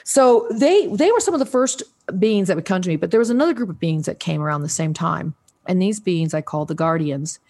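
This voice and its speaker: A woman in her sixties, a guest on a podcast, telling a story in a casual, animated way and acting out quoted voices. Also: lowish voice, fairly quick. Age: 60s. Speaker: guest, Ouija board historian.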